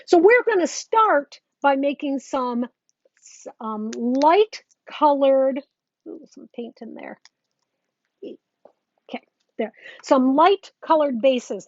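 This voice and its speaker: A woman teaching quilting in a live demonstration, chatting casually as she works and greeting viewers. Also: a little high. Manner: chatty, talks while working, greets viewers. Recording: dull lo-fi sound with faint noise.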